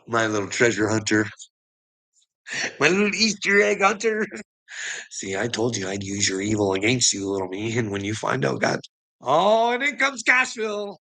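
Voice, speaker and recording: A man's voice: mid-range voice, sing-song, unhurried, vocal fry, pauses often, bright, forceful tone. A man ranting casually to his chat, swearing often, laughing constantly and calling people bud in a mocking, teasing way. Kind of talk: casual profane rant to chat.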